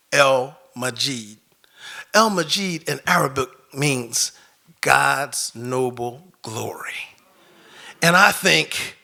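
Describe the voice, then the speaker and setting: A man with a high, bright, gravelly voice tells a personal story live on stage. He is animated and laughs through the tale, his pitch swinging widely.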